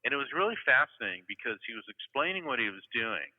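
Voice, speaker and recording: A man's voice: mid-range voice, quick pace, in a large hall. Rambling man on a tinny line. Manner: rambling, many "you know" fillers, animated retelling. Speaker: guest storyteller. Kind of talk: casual anecdote telling.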